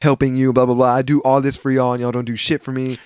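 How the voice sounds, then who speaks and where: A man's voice: mid-range voice, fast, clear, resonant tone. A young man co-hosting a podcast in casual chat, retelling scenes with lots of slang and swearing and acting out the characters. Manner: animated storytelling, acts out quoted characters. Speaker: podcast co-host.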